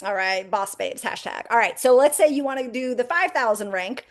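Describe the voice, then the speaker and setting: A woman's voice: a little high, animated, normal speed. A woman leading a live training on a video call, giving a folksy, preachy pep talk full of "okay" and "amen". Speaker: sales team leader.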